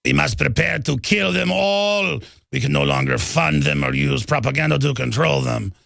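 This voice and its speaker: A man's voice: mid-range voice, creaky, fairly bright tone, dry recording, studio quality. A man putting on a cold, menacing elite with a Russian accent. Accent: put-on Russian. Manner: slow, stern and deliberate. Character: menacing male globalist elite, cold and ruthless.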